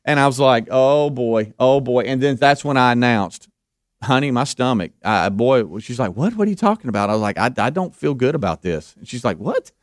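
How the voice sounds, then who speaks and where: A man hosting a live radio show, telling a story in an animated way, repeating words and acting out what people said. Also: medium pitch, moderate pace, no room sound, clean studio sound. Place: radio studio.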